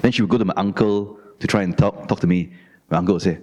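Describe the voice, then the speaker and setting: A middle-aged Malaysian man with a Malaysian English accent, giving a Dhamma talk as an animated, self-mocking storyteller. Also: low-pitched, fast, long reverb tail. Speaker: Dhamma speaker. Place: Buddhist society hall.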